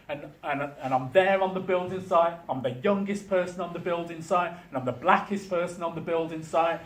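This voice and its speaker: A man gives a speech at a meeting as a union official, telling stories with dry humour in a relaxed, conversational way. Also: a little high. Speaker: union official, guest speaker. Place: meeting room. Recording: echoey meeting room.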